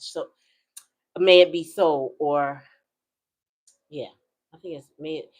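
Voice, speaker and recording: A middle-aged woman, host of her own channel, chatting casually and telling a story in a slangy, laughing way. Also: low-pitched. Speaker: tarot reader and channel host. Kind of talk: casual chat.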